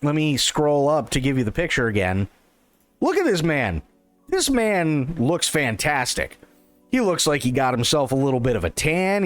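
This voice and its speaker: A man's voice: fairly high pitch, no echo. A man hosting a livestream, giving casual reaction commentary, repeating himself and stumbling over restarts. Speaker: livestream host reacting to an interview.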